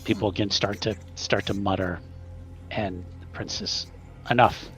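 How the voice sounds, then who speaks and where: A man narrating as game master of a tabletop game in a relaxed storytelling manner. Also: sits low, moderate pace, faint music behind. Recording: dull lo-fi recording.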